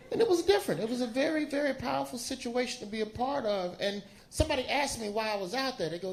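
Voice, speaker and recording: A man from Alabama, doing a loose, animated stand-up set on a stage. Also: extremely high pitch, quick pace, few pauses. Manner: animated, loose storytelling with exaggerated voices. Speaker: stand-up comedian. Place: comedy stage before a live audience.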